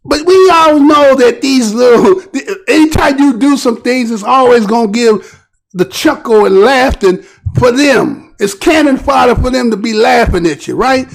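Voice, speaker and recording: High gravelly-voiced American male commentator. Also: animated, normal speed. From United States. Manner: rambling, conversational, keeps asking "right?". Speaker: channel host giving news commentary. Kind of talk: casual spoken news commentary.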